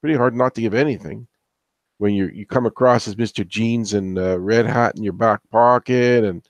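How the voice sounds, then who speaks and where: A man's voice: on the low side, moderate pace, no echo. Rambling, opinionated man on a dry mic. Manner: rambling, opinionated, gossipy asides. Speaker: music show host. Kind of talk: casual album countdown commentary.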